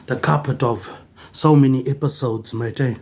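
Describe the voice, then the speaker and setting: Kiwi guy in his 40s rambling on, says mate eh after everything, middle pitch voice. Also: normal speed. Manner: tags nearly every phrase with "mate, eh", trailing off softer. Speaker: vlogger. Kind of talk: rambling monologue.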